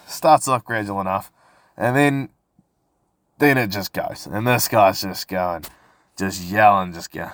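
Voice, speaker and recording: A man's voice: on the low side, fairly bright tone, dry recording. A man hosting a casual solo podcast, rambling and swearing as he tells stories. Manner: rambling, sweary, laid-back storytelling. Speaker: podcast host.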